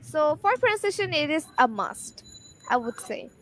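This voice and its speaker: High-voiced woman explaining pronunciation. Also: normal speed, low-quality recording. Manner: lively, emphatic explainer. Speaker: guest English speaker. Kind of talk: explaining pronunciation on a live show.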